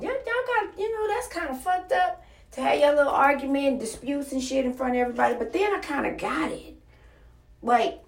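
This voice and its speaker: A woman who makes online content, in a blunt, profane, animated monologue to her viewers. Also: mid-range voice, far from the mic. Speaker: content creator. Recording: roomy sound, somewhat off-mic.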